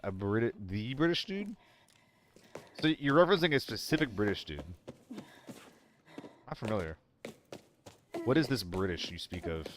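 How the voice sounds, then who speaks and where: A man's voice: on the low side, lively intonation, moderate pace, long pauses, a little hiss or hum. A young man streaming a shooter game alone, chatting and swearing casually to his viewers while he plays. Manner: chatty, swearing, talks to chat; banters with viewers, jumps between topics. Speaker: gaming streamer. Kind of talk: casual live-stream commentary.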